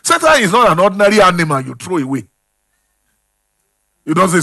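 A man preaching a sermon, calling out questions to the congregation and swinging between loud and hushed. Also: sits high, big pitch swings, fairly quick, creaky. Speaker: pastor.

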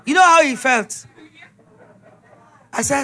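A middle-aged woman with a Nigerian accent, giving an emphatic, animated preaching testimony. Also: a little high, moderate pace. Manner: storytelling, emphatic, animated retelling.

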